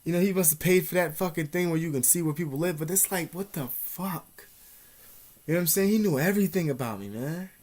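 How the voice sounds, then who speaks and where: A young man vlogging, telling a personal story in a casual, profane, animated way with street slang and frequent asides. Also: a little high, racing, hardly any pauses.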